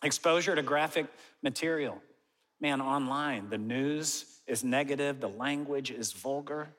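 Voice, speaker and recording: Man in his forties, pastor, casual animated sermon, long hall reverb, mid-pitched voice. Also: a little slow. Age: 40s. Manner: conversational and animated, with self-mocking asides and laughs.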